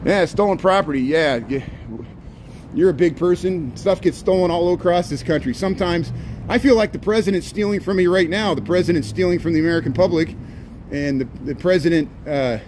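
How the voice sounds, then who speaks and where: A man's voice: on the high side, darkish tone. A man giving rambling, casual commentary as he walks city streets and livestreams, with sarcastic asides. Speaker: walking-tour livestreamer. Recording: street noise and passing traffic.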